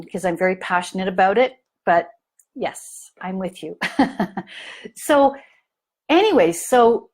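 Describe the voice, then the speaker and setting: A middle-aged woman coaching parents in a live training talk, telling stories and acting out the people in them. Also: medium pitch. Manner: animated storytelling, acts out scenes in lively voices.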